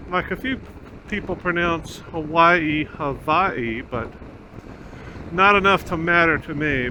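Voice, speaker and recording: A man's voice: high-pitched, pushed and bright, slight background noise. A man riding a motorcycle outdoors on a country road, talking through a helmet mic in rambling, casual commentary with many fillers. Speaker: motorcycle vlogger. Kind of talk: casual ride-along commentary.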